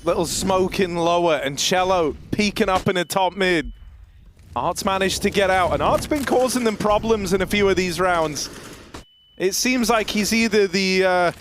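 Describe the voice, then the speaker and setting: A man casting a live esports match, animated and self-deprecating in the banter. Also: sits high, normal speed, a little hiss or hum. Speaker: esports caster.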